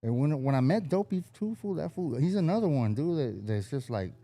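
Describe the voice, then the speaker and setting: Southern California man, rapper guest, dark mellow tone, animated slangy storyteller. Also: fairly quick. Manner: animated, acts out quotes with raised pitch, heavy slang. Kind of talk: casual storytelling chat.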